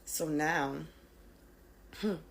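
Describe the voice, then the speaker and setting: Woman with a low, slow delivery, candid storytime narrator, emphatic with rhetorical questions. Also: gravelly, rough recording. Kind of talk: personal storytime to camera.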